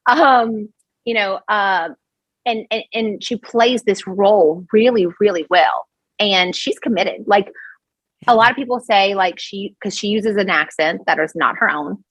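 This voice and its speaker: A woman from Louisiana with a Cajun accent, a podcast guest telling a story in an animated, rambling way. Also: mid-range voice, husky, dry recording, rough recording. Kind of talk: casual storytelling chat.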